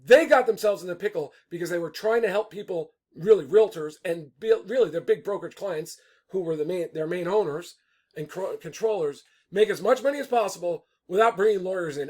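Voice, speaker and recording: Californian guy with a highish voice, rambly off-the-cuff talk, keeps cutting himself off. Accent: Californian English. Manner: animated, rambling, self-interrupting. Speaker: attorney and real estate broker. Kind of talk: casual off-the-cuff video talk.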